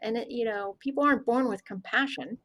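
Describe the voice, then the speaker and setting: A woman's voice: fairly high pitch, brisk, a bit bright, poor audio. A woman guest on an interview show, an anti-bullying consultant, animatedly recounting conversations with clients. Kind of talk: storytelling in an interview.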